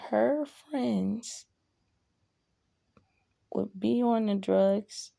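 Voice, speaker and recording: Gravelly, unhurried woman telling a story. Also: medium pitch, warm tone, no echo. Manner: blunt and profane, with emphatic outbursts. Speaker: vlogger telling a personal story. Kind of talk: casual storytelling.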